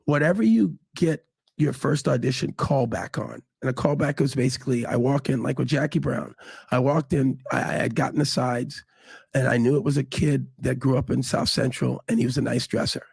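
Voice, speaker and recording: A middle-aged man telling stories in a casual interview, animated and acting out quotes. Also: creaky, slightly rough, no echo. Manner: animated, acts out quotes with big pitch jumps. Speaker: guest.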